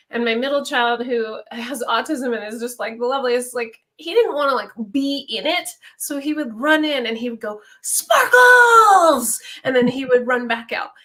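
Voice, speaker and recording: Bright-voiced woman co-host telling a story. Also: a little high. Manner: candid, storytelling with lots of "like". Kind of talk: casual chat.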